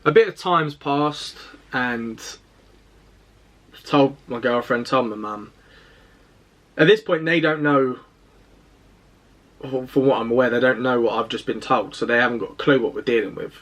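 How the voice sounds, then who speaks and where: A man's voice: mid-range voice, measured pace, pauses often, a bit bright. A young man, casually recounting a personal story to camera in a rambling, self-deprecating way. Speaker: fitness vlogger.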